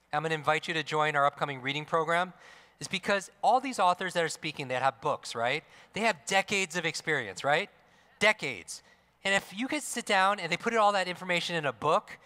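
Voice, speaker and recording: A middle-aged man on stage at a large expo, talking fast and lively to a crowd. His voice sits a bit high and rings bright and forceful. The sound carries a long hall reverb. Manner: energetic, asks the crowd questions, tag "right?". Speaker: motivational speaker. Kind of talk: live stage talk to an audience.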